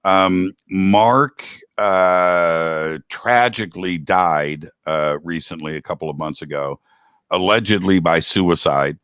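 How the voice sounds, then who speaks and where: A man's voice: low voice, slow, fairly bright tone, clean tone, no room sound, clean studio sound. A man talking as a guest host in a casual chat, rambling and laid-back, with a slangy manner.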